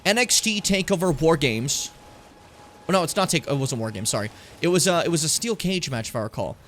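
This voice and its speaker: Animated jokey male game streamer. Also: on the high side, a little fast, slight background noise. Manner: animated, jokey, swears, breaks into silly impressions. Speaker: streamer playing a video game. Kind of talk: casual gaming stream chat.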